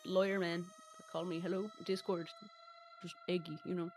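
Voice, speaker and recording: A woman's voice: fairly low pitch, level tone, normal speed, a little mellow, faint music behind. An Irish woman from Ireland giving a joking eulogy on a stream over a voice call, swearing a lot and breaking into laughter. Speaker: guest speaker. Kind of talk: mock eulogy, casual stream chat. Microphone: voice call from home.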